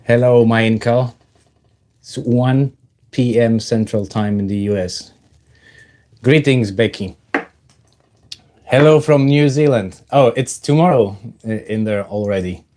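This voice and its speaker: A man hosting a casual livestream, halting with many fillers while he greets viewers in the chat and talks about his own life. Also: mid-range voice, dark tone. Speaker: livestream host.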